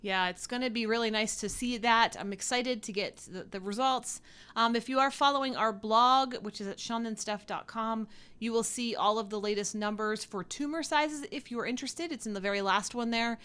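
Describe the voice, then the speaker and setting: A woman's voice: on the high side, normal speed, fairly bright tone, smooth. Chatty woman co-hosting a live show. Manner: chatty, giggly, many fillers. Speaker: co-host. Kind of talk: casual live-stream chat.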